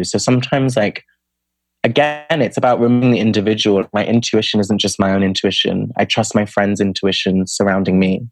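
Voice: low-pitched, little pitch movement, moderate pace, darkish tone, dry recording. A young adult spoken word poet, a guest on a podcast, telling stories casually and filling speech with "like". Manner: chatty, fills speech with "like", acts out quoted friends. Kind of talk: casual storytelling interview.

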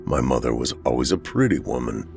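Speaking in a creaky, very low register, the horror narrator recounts a first-person tale with a somber, measured, yet animated delivery and wide pitch swings. Quiet music plays softly behind the scripted narration.

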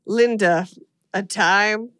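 A woman's voice: mid-range voice, extremely slow, a bit bright, clean tone. A woman hosting a podcast, recapping a horror movie in casual chat and laughing often as she retells scenes. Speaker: podcast host.

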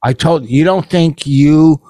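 A man's voice: a little high, slow, dark tone, no room sound. A man co-hosting a podcast from home, bickering defensively with his wife in a casual argument. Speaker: podcast co-host. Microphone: computer camera.

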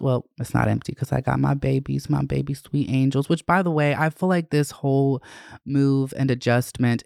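A woman's voice: rumbling low, smooth, no echo, studio quality. A woman in her twenties hosting a podcast, chatting casually in a candid, emotionally open way and swearing freely. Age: 20s. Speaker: podcast host. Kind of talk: casual chat.

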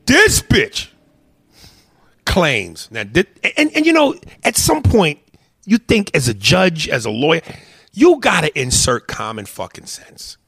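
A man telling a story as a heated, profane rant, swinging between loud outbursts and low muttered asides. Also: creaky, husky, no room sound, studio quality.

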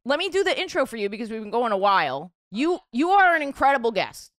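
Woman host of a comedy podcast, kinda high voice, riffs and jokes around, dry mic. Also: very animated, a bit bright, dry recording. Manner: playful, riffing, quick to laugh. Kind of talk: casual comedy podcast chat.

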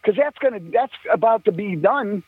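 A man's voice: high-pitched, lively intonation, normal speed, breathy edge, no room sound. An older man, a musician guest, telling rambling, profane stories in a casual chat and laughing often. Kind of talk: casual storytelling. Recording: tinny phone line, dry.

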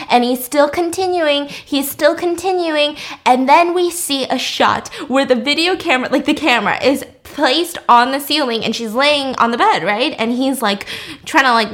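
A woman's voice: high voice, pushed and bright. Profane, sarcastic young woman. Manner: profane, sarcastic, acts out characters' lines. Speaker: film recapper. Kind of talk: casual movie recap.

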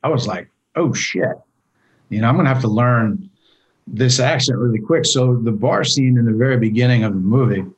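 A man in his forties from California, an actor talking as a guest in a relaxed, rambling, profane way, with lots of "you know". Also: medium pitch, normal speed, husky, low-quality recording. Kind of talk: casual interview.

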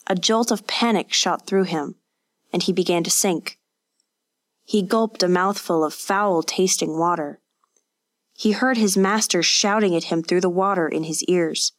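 A woman narrating a scripted story in a measured, vivid reading. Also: fairly low pitch.

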